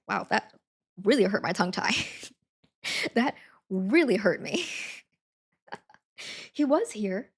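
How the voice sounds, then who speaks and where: A woman's voice: mid-range voice, expressive, slow, creaky, pauses often, husky. A woman chatting casually on a live stream, giggling often as she answers her viewers. She talks from home while packing things up. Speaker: livestreamer.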